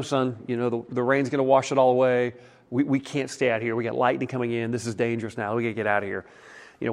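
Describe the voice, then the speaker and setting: A middle-aged man preaching a sermon in a folksy, animated way, acting out the quotes in his stories. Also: mid-range voice. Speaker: pastor. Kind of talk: sermon with storytelling.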